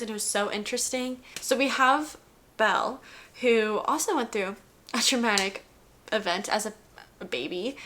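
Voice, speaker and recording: A woman's voice: mid-range voice, fairly bright tone. A woman in her twenties chatting casually about books she read, with lots of "like" and restarts. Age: 20s. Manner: chatty, heavy use of "like", giggly. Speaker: book vlogger. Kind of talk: casual reading wrap-up chat.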